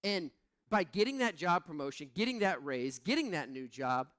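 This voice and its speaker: A middle-aged man preaching a sermon as pastor, telling personal stories in a conversational way that moves between hushed reflection and emphatic points. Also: on the high side, big pitch swings, moderate pace.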